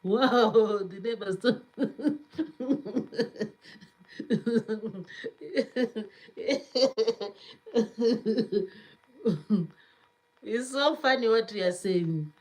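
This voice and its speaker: A woman's voice: fairly high pitch, very slow, pauses often, a little mellow, rough recording. A woman hosting a cooking channel, chatting casually on a live stream, reading viewer comments aloud and laughing often as she repeats herself.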